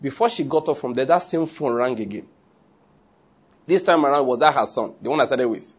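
A man preaching a sermon through an animated story with side remarks. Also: mid-range voice, normal speed, pauses often, husky.

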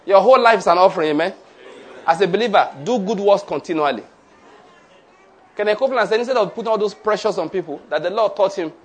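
High-voiced emphatic preacher man. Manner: emphatic, leads congregation in repeated declarations. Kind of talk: sermon with call-and-response.

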